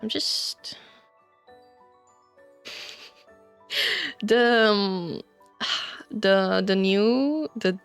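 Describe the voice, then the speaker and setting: A woman's voice: medium pitch, expressive, drawn-out words, vocal fry, long pauses, a bit bright, smooth, faint music behind. A woman streamer casually reading fanfiction aloud to her chat, giggling and rambling with many fillers.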